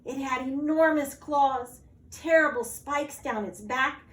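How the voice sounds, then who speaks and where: A woman, a teacher, reading a children's storybook aloud in a slow, expressive way. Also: high-pitched, reverberant.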